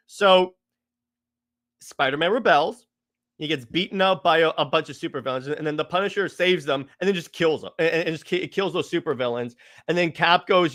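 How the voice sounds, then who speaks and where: A man co-hosting a podcast, excitedly retelling comic storylines with lots of stammers and restarts, acting out the characters' quotes. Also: a little high, moderate pace, no room sound, clean studio sound. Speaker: podcast co-host. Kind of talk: casual comics chat.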